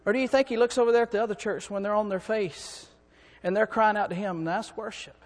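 A very high-voiced man preaches a sermon, sliding from low, quiet talk into fervent, shouting peaks. His voice rings with the long reverb of a church hall. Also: expressive, fast, few pauses. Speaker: preacher and song director.

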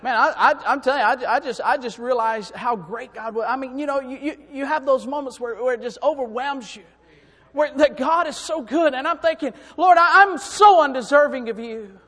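A very high-voiced man preaches a sermon, sliding from low, quiet talk into fervent, shouting peaks. His voice rings with the long reverb of a church hall. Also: fairly quick, breathy edge. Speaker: preacher and song director.

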